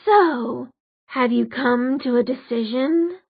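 Slow, drawling, bored male demon, read by a woman; dry, narrow, phone-like sound. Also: high voice, gravelly, slightly rough, no room sound, heavily acted. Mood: smug.

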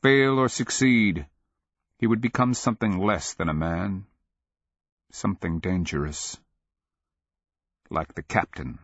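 A man reading a dark fantasy story aloud in a measured, grave narration. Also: deep voice, dry recording, lo-fi sound. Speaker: audiobook narrator. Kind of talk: scripted narration.

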